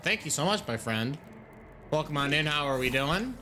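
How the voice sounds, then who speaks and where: A man's voice: a little high, expressive, moderate pace. A young man chatting casually while streaming a game live, reacting aloud to what happens and to his chat.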